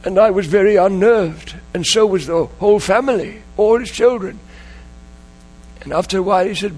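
A man's voice: sits high, moderate pace, darkish tone. A man preaching a sermon, telling a story in an emotional way and repeating key phrases. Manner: emotional, repetitive, dwells on phrases.

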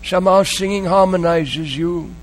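A man's voice: high-pitched, moderate pace. A man preaching a sermon, telling a story in an emotional way and repeating key phrases. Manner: emotional, repetitive, dwells on phrases.

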